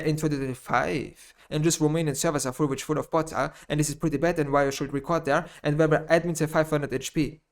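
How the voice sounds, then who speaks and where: Ranting man in non-native English. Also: a little high. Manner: swings between muttering and loud outbursts; blunt, heavy swearing, repeats phrases. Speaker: gaming YouTuber. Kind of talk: rambling ranting vlog monologue.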